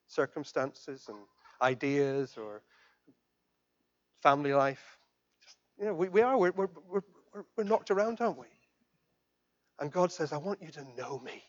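A man preaching a sermon as pastor, swinging from loud emphatic declarations down to soft, quiet questions. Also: fairly high pitch, highs cut off. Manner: impassioned, rising to loud emphatic declarations then dropping soft.

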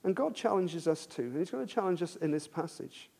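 A man preaching a sermon, swinging between hushed questions and loud emphatic bursts, telling stories with frequent restarts. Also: high-pitched, lively intonation, a little fast, creaky, slightly rough.

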